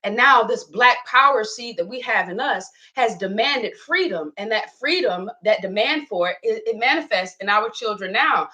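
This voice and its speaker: A woman's voice: on the high side, animated, moderate pace, few pauses, pushed and bright, poor audio. A woman giving a casual motivational talk who laughs often, cusses freely and repeats lines for emphasis. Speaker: speaker sharing reflections.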